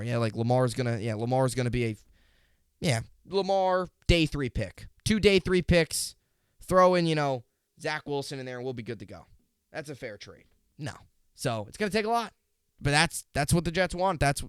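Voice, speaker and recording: A man hosting his own sports podcast, talking in a casual, animated way, repeating points and restarting sentences as he goes. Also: a little high, clear, resonant tone, no room sound, studio quality. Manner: animated, repeats himself, many fillers and restarts. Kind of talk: casual solo sports commentary.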